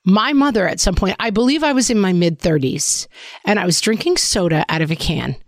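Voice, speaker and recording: A woman in her forties co-hosting a podcast, telling stories in a brisk, wry way. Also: medium pitch, expressive, dry recording, clean studio sound. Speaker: podcast co-host. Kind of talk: casual podcast chat.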